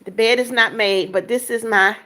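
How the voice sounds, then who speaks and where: A chatty woman with a slightly high voice talks casually into her phone on a livestream. She reads out viewer comments and answers them, walking through her apartment and pointing things out. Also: steady tone, moderate pace, sharp tone. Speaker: livestream host. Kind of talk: casual livestream chat, reading comments aloud.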